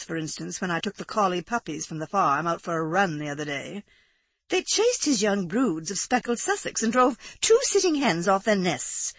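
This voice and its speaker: A woman's voice: on the low side, a bit bright, husky, no room sound. A woman voicing a wry, unrepentant English lady. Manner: dry, dispassionate, drily amused.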